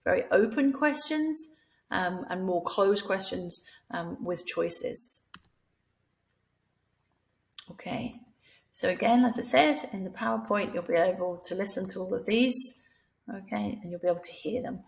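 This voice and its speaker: A woman's voice: medium pitch, lively intonation, unhurried, gravelly, rough recording. A woman training teachers, patiently explaining how to teach French phrases and modelling them aloud. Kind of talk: recorded training lesson.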